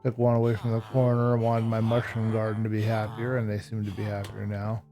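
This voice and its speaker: Tired sounding guy talking through his minecraft build, gravelly low-key voice, mellow tone, explains everything as he goes. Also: monotone, a little fast, hardly any pauses, soft background music. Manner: tired, yawning, explains step by step. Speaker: Minecraft YouTuber. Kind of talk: casual gameplay commentary.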